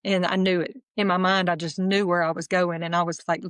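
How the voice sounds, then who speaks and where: A middle-aged woman, telling her testimony as an interview guest in earnest, halting storytelling with soft laughs. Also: lowish voice, flat delivery, no echo. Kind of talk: emotional personal testimony.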